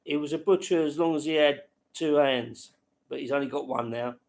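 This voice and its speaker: A man's voice: on the high side, moderate pace, gravelly, darkish tone. A man hosting a casual late-night livestream, rambling to viewers by name and laughing at his own stories. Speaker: livestream host.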